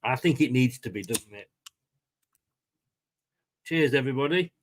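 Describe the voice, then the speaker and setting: A man's voice: mid-range voice, lively intonation, a little slow. A man hosting a casual live watchalong, commenting on play and chatting with viewers by name. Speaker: fan channel host.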